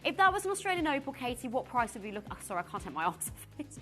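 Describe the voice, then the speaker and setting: A woman presenting live on a shopping channel, gushing and excitable, often restarting her sentences. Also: on the high side, racing, soft background music. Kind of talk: live TV sales pitch.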